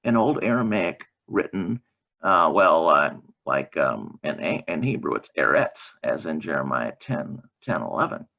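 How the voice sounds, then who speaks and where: A man giving an informal lecture, reading from a textbook and adding halting comments with many fillers and self-corrections. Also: a bass voice, sing-song, gravelly. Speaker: Bible language teacher. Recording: tinny phone-like audio.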